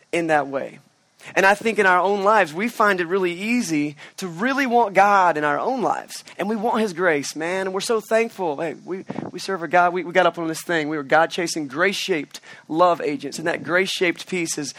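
Animated man preaching a sermon. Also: on the high side, no room sound. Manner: animated storytelling, acts out quotes. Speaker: pastor. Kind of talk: outdoor sermon. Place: outdoors in a park.

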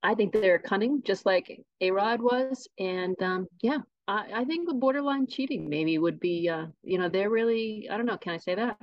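A woman guesting on a podcast, telling tall tales about a mythical animal with a deadpan delivery. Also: medium pitch, moderate pace, hardly any pauses, dry recording, dull audio. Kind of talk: tongue-in-cheek podcast interview.

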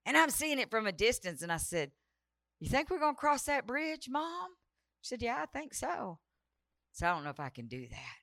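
A woman's voice: on the high side, very animated, moderate pace, gravelly, a bit bright, no room sound, studio quality. A woman preaching a revival sermon, telling a personal story with dramatic flair and acting out the dialogue. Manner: dramatic, breaks into sung prayer, acts out quoted dialogue.

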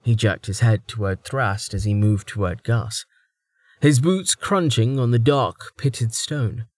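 A male audiobook narrator reading a fantasy story in an even, measured manner. His voice sits at an ordinary pitch, and the recording is dry and close with no room sound. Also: no room sound.

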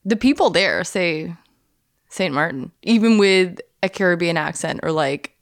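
A woman's voice: lowish voice, moderate pace, no room sound. Chatty woman podcast co-host, dry close sound. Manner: chatty, laughs often, explains at length. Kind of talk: casual chat.

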